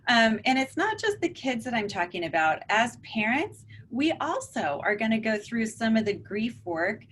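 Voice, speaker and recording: A woman counselor speaking to parents in a calm, conversational way, often acting out example dialogues. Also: on the high side, moderate pace, slight background noise. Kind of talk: informal talk to a parent forum.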